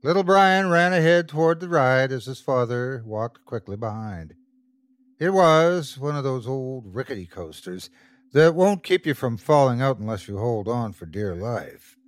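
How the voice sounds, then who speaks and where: A man's voice: medium pitch, animated, a little slow, no echo, clean studio sound. A man narrating a scripted horror story as the show's host, telling it expressively.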